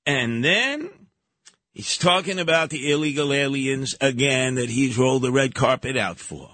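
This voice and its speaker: A man's voice: medium pitch, lively intonation, moderate pace, bright, forceful tone, no echo. Combative New talk radio man. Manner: combative, sarcastic, mocking. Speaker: radio host. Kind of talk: opinionated talk radio commentary.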